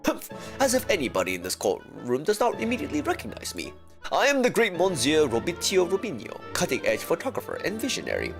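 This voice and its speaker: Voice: medium pitch, huge pitch swings, quick pace, gravelly, over music. A streamer doing a vain bird photographer. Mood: boastful. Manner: boastful, mock Italian accent attempt.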